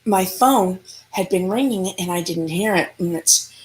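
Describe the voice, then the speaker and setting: Female paranormal investigator, animated storyteller in an interview. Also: fairly low pitch, a little slow, a little hiss or hum. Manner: animated storyteller, acting out dialogue.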